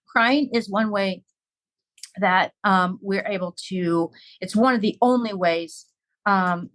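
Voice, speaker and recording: A woman's voice: lowish voice, fairly bright tone, poor audio. A woman talking earnestly and reflectively in a casual podcast conversation.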